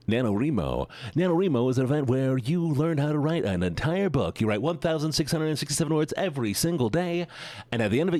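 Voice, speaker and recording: A man's voice: medium pitch, darkish tone, dry recording. A man streaming and chatting casually with his viewers, rambling and joking as he gets sidetracked.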